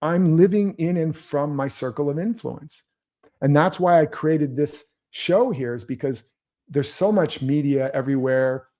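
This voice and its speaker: A man's voice: fairly high pitch, unhurried, dark tone. A man hosting his own show, giving earnest motivational commentary and coaching his viewers directly. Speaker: host.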